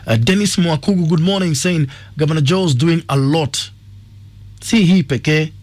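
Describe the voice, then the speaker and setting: A male radio host with a Kenyan accent runs a morning call-in show. His voice is fairly high and husky. He reads out listener messages in a steady broadcast manner. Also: moderate pace, dry recording. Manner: reads listener messages aloud, brief replies.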